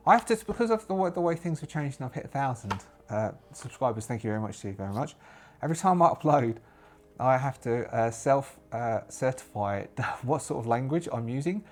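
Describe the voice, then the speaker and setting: A man's voice: medium pitch, animated, fairly quick. A British man running a solo tabletop game, hesitant and thinking aloud with many fillers and restarts. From Britain.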